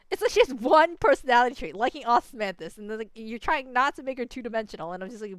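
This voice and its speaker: A woman's voice: on the high side, lively intonation, fast, no echo. A young woman ranting casually as she plays through a story game, exasperated and full of fillers. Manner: exasperated, ranting, heavy use of "like". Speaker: gaming streamer. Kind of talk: casual game playthrough commentary.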